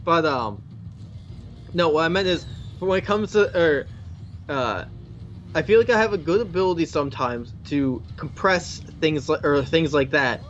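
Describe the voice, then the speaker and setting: A man's voice: on the high side, lively intonation, normal speed, a bit bright. A young man chatting casually while his friend plays a video game, rambling with restarts and self-corrections. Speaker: co-host of a gameplay channel. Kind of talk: casual chat. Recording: slightly dull lo-fi mic with game music. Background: faint game music.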